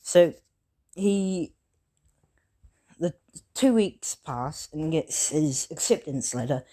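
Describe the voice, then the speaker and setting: A woman's voice: sits low, animated, takes it slowly, dark tone. A woman improvising a fan story aloud, rambling with many fillers and self-corrections.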